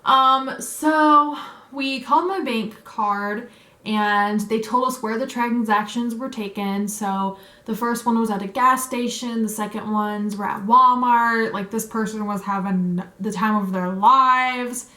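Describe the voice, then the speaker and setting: Unhurried and on the high side, this young adult vlogger's pushed, bright voice carries an emotional, chatty story-time retelling filled with "like" and "um." The room sounds echoey.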